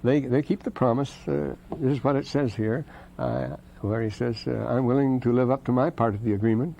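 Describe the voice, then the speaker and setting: A man's voice: medium pitch, steady tone, a little fast, gravelly, mellow, lo-fi sound, slight background noise. A man lecturing on scripture, wandering off into asides and "you see", and reading quoted verses aloud with more force. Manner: reads quoted verses aloud with rising emphasis.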